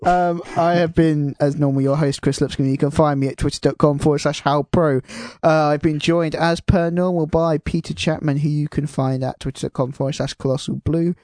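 A man's voice: fairly high pitch, fairly even intonation, fairly quick, hardly any pauses, darkish tone, no room sound. Laid-back male podcast host, dry sound. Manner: laid-back, self-deprecating, swears casually. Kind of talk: casual podcast chat.

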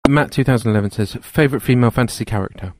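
A man's voice: medium pitch, racing, dry recording. A man co-hosting a podcast, reading listener questions with playful mockery. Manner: mocking, playful. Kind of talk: casual banter.

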